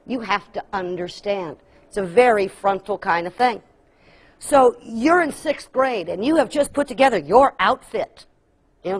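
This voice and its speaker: A middle-aged woman giving a training workshop, lively and humorous, acting out kids' voices and dropping folksy asides. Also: fairly high pitch. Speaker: workshop presenter. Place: workshop room.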